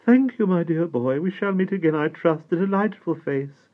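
A man's voice: fairly high pitch, normal speed, voice pushed up, natural voice. A man doing a gushing grand duchess. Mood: gracious. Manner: genteel, airy, gushing. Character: gracious grand old duchess, woman, chatty. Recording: tinny phone-like sound.

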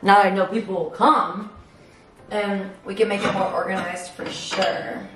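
A young woman, telling a story to camera in a rapid, chatty way full of "like.". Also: medium pitch, fairly even intonation. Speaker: vlogger. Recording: roomy echo, faint background noise.

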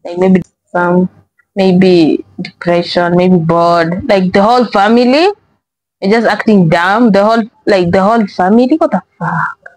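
A woman's voice: mid-range voice, a little slow, a little mellow, no room sound, low-quality recording. A woman hosting a reaction video, talking casually, exasperated and profane, often repeating herself.

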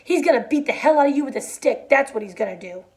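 Woman voicing a giant scornful rabbit, taunting, mocking, slightly high. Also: lively intonation, fast talker, gravelly.

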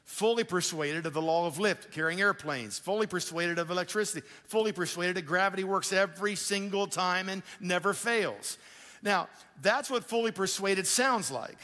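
A male pastor preaching a sermon in a conversational, animated way, with quick asides to the congregation. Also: high-pitched. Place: church auditorium. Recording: live church hall with long reverb.

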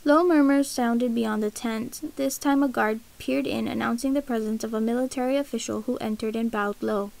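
A woman reads a novel aloud in a steady, even way. Her voice is a touch high and has a gravelly texture. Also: normal speed, hardly any pauses, poor audio. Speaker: narrator. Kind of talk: audiobook reading of a novel.

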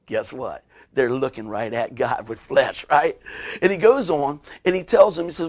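A man's voice: mid-range voice, lively intonation, moderate pace. A male pastor, preaching a conversational sermon with frequent asides to his listeners.

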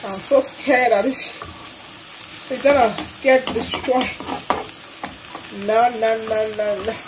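A woman's voice: a little high, fairly even intonation, takes it slowly, noisy background. A woman casually talking through her cooking in a home kitchen, exclaiming over the food. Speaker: cooking vlogger. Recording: loud frying sizzle behind. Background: frying and sizzling food.

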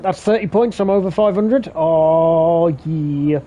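A man commentating his own video game play on a live stream, swearing often and getting excitable. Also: on the high side, takes it slowly. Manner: sweary, excitable, talks to himself while playing.

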